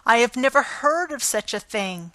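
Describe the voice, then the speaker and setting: Woman voicing indignant old lady, yelps high and loud, dry close sound. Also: fairly even intonation, measured pace, dry recording. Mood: outraged. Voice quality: shrill, yelping. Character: enraged old woman box-keeper, shrill and indignant.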